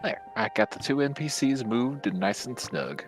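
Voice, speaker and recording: A man's voice: mid-range voice, very animated, normal speed. A laid-back man chatting and describing his moves while playing a game on stream. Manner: laid-back, brief reactions, game commentary. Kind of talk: casual gaming stream chat. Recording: faint music in background.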